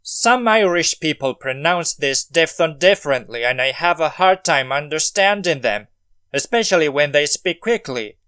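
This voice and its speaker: Smooth-voiced man narrating a language lesson. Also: fairly high pitch, expressive, moderate pace, sharp tone. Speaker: language video host. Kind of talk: scripted educational narration.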